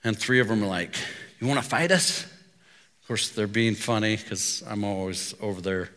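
Bright-voiced man preaching in a reverberant hall. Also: fairly low pitch, fairly even intonation, normal speed, smooth. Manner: conversational storytelling preacher. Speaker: pastor. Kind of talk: sermon.

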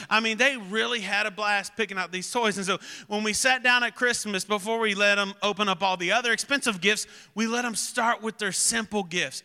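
A man in his thirties preaching a sermon, telling stories and building to loud, emphatic preaching. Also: high-pitched, in a large hall. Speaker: pastor.

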